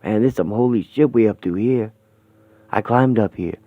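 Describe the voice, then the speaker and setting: A man voicing a gruff, slangy ghost father in a radio play. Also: moderate pace, dry recording, close to an everyday voice. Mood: grave. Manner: rough slangy talk, lowered gruff voice. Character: ghostly street-tough father, gruff and tender. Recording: thin phone-like, dry sound.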